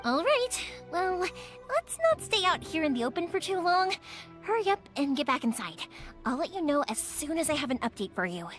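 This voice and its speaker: A woman's voice: sits high, big pitch swings, moderate pace, a bit bright, faint music behind. A woman voicing an upbeat, helpful young woman shopkeeper in a game, talking in a reassuring way. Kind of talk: game voice acting.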